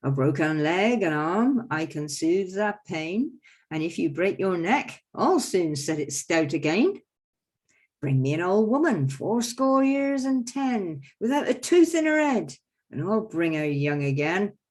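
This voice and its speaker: A woman's voice: fairly low pitch, very animated, a little slow, darkish tone. A woman voicing a comic, boastful quack doctor from a folk mummers' play, reeling off rhymed claims of cures. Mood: showy. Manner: rattling off rhymed boasts, showman patter.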